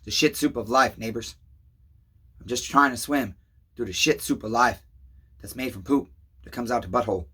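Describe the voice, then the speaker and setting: The same kind of venting comes from a middle-aged chainsaw channel host, his bright, tense voice carrying a breathy edge. Swearing nonstop and addressing viewers as neighbors, he yells one moment and turns low and worn out the next in this rambling vlog.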